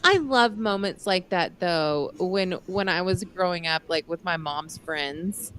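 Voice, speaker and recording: A woman's voice: fairly low pitch, a little slow, a bit bright. A woman in her forties co-hosting a live podcast in casual chat, teasing and laughing often. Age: 40s. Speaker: podcast co-host.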